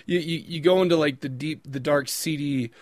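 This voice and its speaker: A man's voice: on the high side, normal speed, dry recording, clean studio sound. A man co-hosting a podcast in casual banter, teasing and quipping with frequent laughs. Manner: playful teasing, laughs often, quips. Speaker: podcast co-host.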